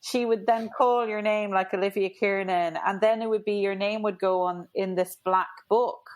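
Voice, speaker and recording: Woman author guest, mid pitch, chatty and rambling, laughs as she talks. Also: steady tone, moderate pace, rough recording. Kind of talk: casual storytelling.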